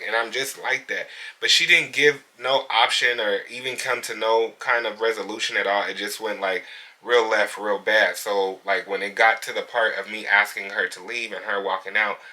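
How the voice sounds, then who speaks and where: A man's voice: fairly low pitch, moderate pace, bright, forceful tone. A man, a hairstylist, candidly retelling a bad encounter with a client in a casual vlog. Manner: candid, conversational, indignant retelling. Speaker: hairstylist and salon owner.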